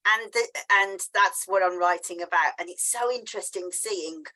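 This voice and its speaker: A woman's voice: fairly low pitch, moderate pace, poor audio. A woman hosting a casual interview, chatty and telling stories with voices. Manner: chatty, animated storytelling with acted voices. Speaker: host.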